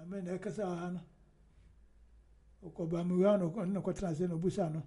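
A man with a high-set but deeply mellow, dark voice holds forth in loose political commentary. He talks in a rambling, emphatic way and laughs often, like a host chatting to his listeners. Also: steady tone, a little fast, breathy edge.

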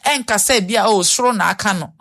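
A woman's voice: mid-range voice, fast talker, a bit bright. A woman with a Ghanaian accent giving health advice on the radio, earnest and repeating her warnings. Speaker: health talk guest.

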